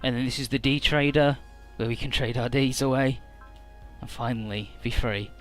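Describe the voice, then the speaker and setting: A man's voice: medium pitch, steady tone, moderate pace, fairly bright tone, faint music behind. A young man giving casual, rambling commentary over a story game, swearing freely. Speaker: let's player.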